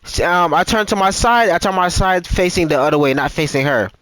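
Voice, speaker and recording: A young man with a high voice that swoops up and down tells a story over a gaming mic. His talk is casual and profane, full of restarts and repeats, and the sound is close and dry. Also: expressive, fairly quick, a bit bright, no echo, rough recording. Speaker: gamer telling a story in voice chat.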